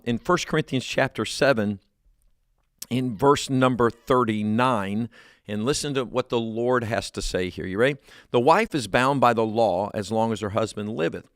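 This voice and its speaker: A man's voice: medium pitch, a bit bright, dry recording. A man with a Texan accent who is a pastor, talking in a chatty, upbeat way on a church studio show.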